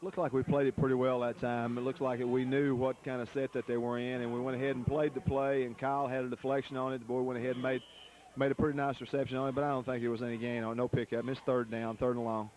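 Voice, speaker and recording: A man giving color commentary on a football radio broadcast from the press box, with quick, folksy analysis and frequent repeated words. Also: mid-range voice, level tone, darkish tone, slight background noise.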